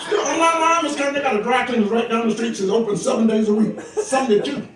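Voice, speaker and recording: Someone in the audience of a large comedy club filmed this on a phone: an older Georgia man doing playful, teasing stand-up and chuckling at his own material. His voice is very high-pitched and fast, and the very noisy, far-off, echoey audio is filled with a loud, laughing crowd.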